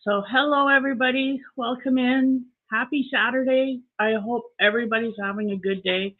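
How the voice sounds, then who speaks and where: A woman's voice: a little high, steady tone, normal speed. A Canadian woman hosting a casual live stream, chatting and greeting viewers by name. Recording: tinny phone-like audio.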